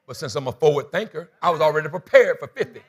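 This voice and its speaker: A man's voice: on the high side, lively intonation, quick pace, breathy edge. A man preaching a sermon as pastor, telling a comic story and acting out the dialogue with energy.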